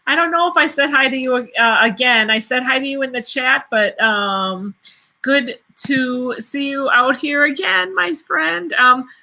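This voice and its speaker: A middle-aged woman hosts a casual livestream and reads out viewer comments. Her voice is very bright and a touch high. She giggles often and fills pauses with ums. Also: vocal fry, rough recording. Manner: giggly, chatty, with many fillers and laughs. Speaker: host of a cruise livestream.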